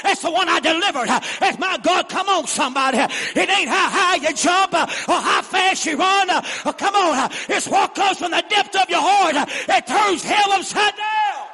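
An older man, preaching a sermon with a shouted, drawn-out cadence and chatty asides to the congregation. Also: extremely high pitch. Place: church sanctuary.

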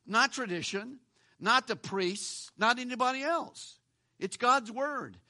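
A man's voice: very high voice, slow pace, bright, forceful tone. A man pastor preaching a sermon in a conversational way, repeating words and asking rhetorical questions.

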